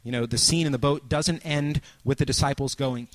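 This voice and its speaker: A man at medium pitch preaches a sermon, painting a scene for his listeners. He talks loosely with fillers, then acts out moments, rising to cries or dropping to a near-whisper. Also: fairly even intonation, a little fast. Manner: storytelling, acts out scenes with sudden shouts and hushed asides.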